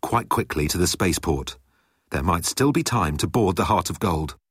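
A man voicing a cool, knowing young man who talks in a calm, matter-of-fact way. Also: sits low, moderate pace, husky, no echo, studio quality.

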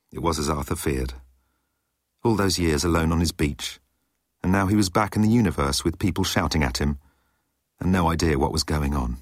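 A man narrating an audiobook in an expressive reading style. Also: very deep voice, moderate pace, long pauses, no echo, clean studio sound. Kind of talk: scripted narration.

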